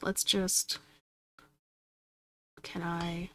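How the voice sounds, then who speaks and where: A woman's voice: fairly low pitch, level tone, extremely slow, sharp tone, no room sound. A woman streaming herself at her computer, chatting casually to herself and getting exasperated and swearing at the game. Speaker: gaming streamer. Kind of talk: casual chat while playing a computer game.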